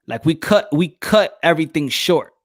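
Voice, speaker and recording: A man with a New York accent riffs through a loose, joking chat, full of slang and quick laughs. His voice sits a bit high. The sound is close and dry, with no room around it. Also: expressive, dry recording. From New York City. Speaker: podcast host. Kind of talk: casual chat.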